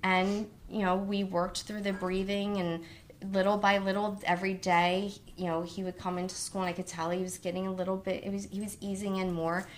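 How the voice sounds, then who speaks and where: A woman who teaches kindergarten, telling stories in a casual conversation and talking with animated swings in pitch. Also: a little hiss or hum. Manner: animated storyteller, quick rises in pitch.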